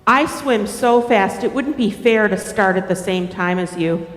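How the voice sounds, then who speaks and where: A woman's voice: medium pitch, measured pace, pitched below the performer's own voice, natural voice. A woman voicing a worried, crafty male pond turtle in a church children's story, anxious one moment and scheming the next. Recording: echoey hall reverb.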